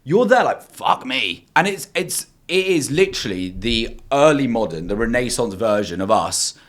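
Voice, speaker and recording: A man's voice: medium pitch, very animated, moderate pace. Rambling, enthusiastic young man. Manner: enthusiastic, rambling, many fillers. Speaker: podcast guest. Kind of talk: casual chat.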